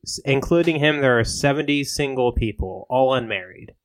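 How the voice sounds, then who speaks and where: Man, deadpan, matter-of-fact, improv chat. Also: medium pitch, normal speed. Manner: deadpan, adds absurd plot twists matter-of-factly. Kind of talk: casual comedic improv chat.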